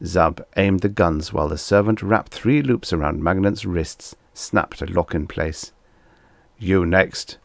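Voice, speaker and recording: Deep-voiced man reading vintage sci-fi. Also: a little slow, vocal fry, few pauses, no room sound. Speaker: audiobook narrator. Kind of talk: scripted narration of vintage science fiction.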